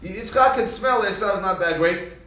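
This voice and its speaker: High-voiced man teaching in an echoey hall. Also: moderate pace. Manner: animated, swings into sudden emphatic rises. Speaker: Torah teacher. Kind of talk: storytelling Torah lecture. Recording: very echoey room, mic far off.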